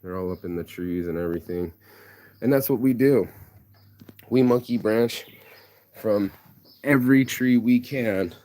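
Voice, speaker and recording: A man's voice: fairly low pitch, a little slow, long pauses. Rambling slangy man outdoors. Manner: rambling, slangy, animated storytelling. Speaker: vlogger. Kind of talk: casual outdoor vlog rant. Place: outdoors among trees.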